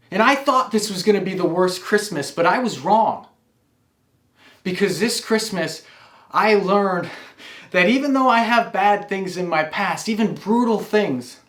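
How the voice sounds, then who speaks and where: A man's voice: high-pitched, roomy sound. A man telling a wry, confessional personal story.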